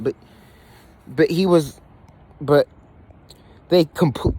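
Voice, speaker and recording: A man's voice: medium pitch, darkish tone. Rambling man vlogging outdoors. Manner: rambling, profane, repetitive restarts. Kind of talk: conspiracy monologue.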